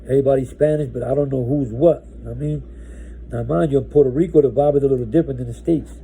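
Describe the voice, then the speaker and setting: A man's voice: medium pitch, steady tone, fast, gravelly, mellow, a little hiss or hum, low-quality recording. A man from New Jersey telling his own story casually, rambling with lots of restarts. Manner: rambling, with many restarts and "right?".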